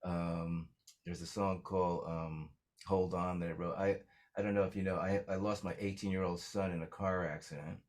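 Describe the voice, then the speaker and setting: A man's voice: deep voice, little pitch movement, normal speed, darkish tone. A man telling stories as a songwriter guest in a casual interview, rambling with lots of fillers.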